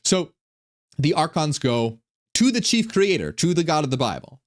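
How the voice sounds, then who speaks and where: A man giving casual, irreverent commentary on ancient texts, animated and full of stumbling restarts. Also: fairly high pitch, moderate pace. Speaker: online religion commentator.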